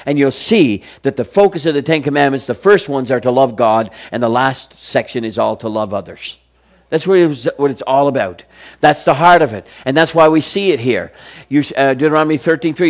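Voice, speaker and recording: A man preaching a sermon, reading verse after verse of scripture and swinging between soft, slow passages and emphatic, rising exclamations. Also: medium pitch.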